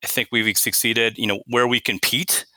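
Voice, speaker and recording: Bright-voiced man explaining tech business. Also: mid-range voice, level tone, no room sound. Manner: measured, explanatory, restarts phrases. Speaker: chief product officer, interview guest. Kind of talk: business interview answers.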